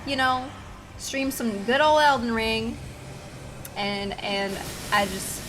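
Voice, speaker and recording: She speaks slowly in a fairly high pitch, and the background is noisy, with video game music playing. A young woman streaming, she chats with viewers casually, giggly and self-deprecating.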